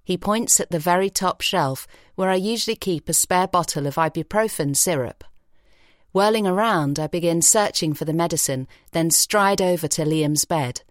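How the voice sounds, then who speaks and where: A woman reading an audiobook story in a measured, expressive way in a recording studio. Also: lowish voice, no room sound. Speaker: audiobook narrator. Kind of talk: scripted narration. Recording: dry studio sound.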